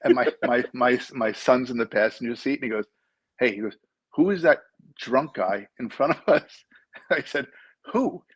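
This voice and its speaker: A middle-aged man calls in as a guest on a video call, joking and laughing through a story in casual chat. His husky, mid-range voice moves at a normal speed, and the recording is dry and lo-fi.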